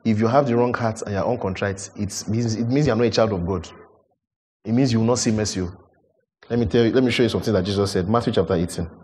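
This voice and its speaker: A man preaching a sermon, animated, building to emphatic peaks and questioning his listeners. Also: fairly low pitch, quick pace.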